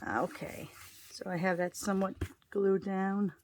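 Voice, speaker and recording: A woman's voice: lowish voice, unhurried, creaky, background noise. A woman giving a casual card-making tutorial, chatting her way through each step as she works.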